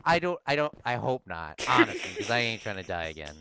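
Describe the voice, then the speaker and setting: A man chatting casually while gaming, laid-back and quick to laugh. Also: medium pitch, very animated, gravelly, a crowd in the background. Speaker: co-host gamer. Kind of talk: casual chat.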